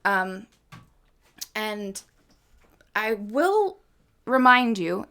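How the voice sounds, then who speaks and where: Brief: female stream host, unhurried, mid-pitched, rambling and profane, faint guitar behind. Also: very animated, sharp tone. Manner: rambling, swears freely, self-mocking. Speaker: livestream host and singer. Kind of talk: casual chat between songs.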